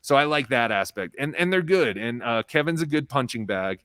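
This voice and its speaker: A man's voice: mid-range voice, animated, normal speed, fairly bright tone, dry recording, clean studio sound. A man guesting on a casual live-stream interview, a rambling, profane comedian who tells long anecdotes.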